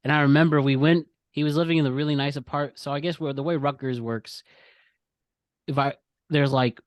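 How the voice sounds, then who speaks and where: A man's voice: on the high side, fairly even intonation, brisk, dry recording. A young man hosting a podcast quiz in an easygoing, chatty way. He rambles through his stories, stopping to restart and correct himself. His voice sounds close and dry. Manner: rambling, self-correcting storyteller who laughs often. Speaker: podcast host running a quiz game. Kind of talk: casual podcast chat.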